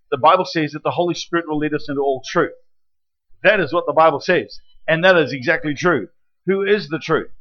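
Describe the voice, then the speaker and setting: High-voiced preacher man, lo-fi sound. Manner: lively teaching preacher, rhetorical questions and checks with the room. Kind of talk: sermon. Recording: dull lo-fi recording.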